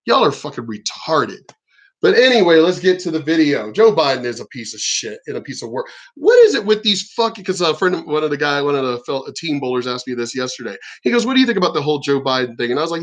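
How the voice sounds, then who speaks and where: High-voiced man in a profane rant. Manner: angry, profane, rambling. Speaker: channel host. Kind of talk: profane political rant vlog.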